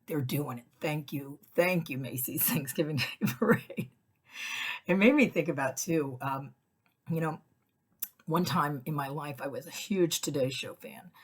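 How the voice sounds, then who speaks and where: A woman casually telling a personal story to camera, acting out the voices of people in it with big jumps in pitch. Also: slightly rough. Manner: animated, acts out her own quoted lines. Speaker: vlog host.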